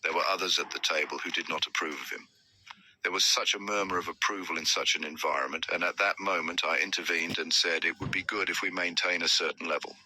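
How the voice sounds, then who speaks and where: A man's voice: low voice, steady tone, fast, bright, forceful tone, slight background noise, rough recording. A man giving a motivational storytelling talk as a trainer, acting out the dialogue he quotes. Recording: music playing behind voice.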